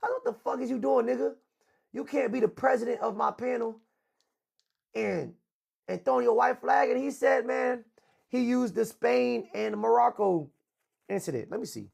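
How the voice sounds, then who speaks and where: A man's voice: extremely high pitch, animated, normal speed, vocal fry, husky. Een man die als presentator van een livestream een luide, grof gebekte en opschepperige tirade houdt. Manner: loud, profane, boastful rant. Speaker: host. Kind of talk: livestream talk show.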